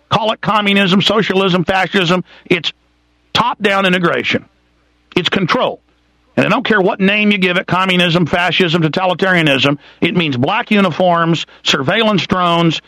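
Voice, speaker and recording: An intense man rants through a political radio monologue, stacking lists and rhetorical questions. His voice is raised and gravelly, with a bright, forceful edge. The studio sound is dry and close. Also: high voice, no room sound, low-quality recording. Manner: intense, ranting, piles up lists, rhetorical questions, slows to hammer words. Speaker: radio talk show host.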